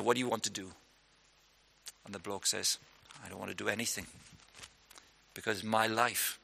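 A man's voice: fairly low pitch, vocal fry, bright, forceful tone. A man preaching a sermon in a conversational, punchy way, putting questions to his listeners. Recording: long hall reverb.

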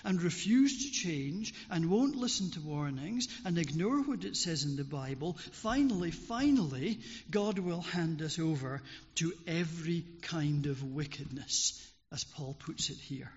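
Earnest preacher in a long-echoing hall. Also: male voice, a little high, animated. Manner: earnest, pleading, slow and deliberate. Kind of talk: sermon. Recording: dull recording in echoing hall.

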